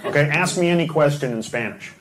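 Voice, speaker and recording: A man doing crowd work as a stand-up comedian, brash and teasing, firing off quick punchlines on a club stage. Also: fairly high pitch, animated. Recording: echoey club with loud crowd noise.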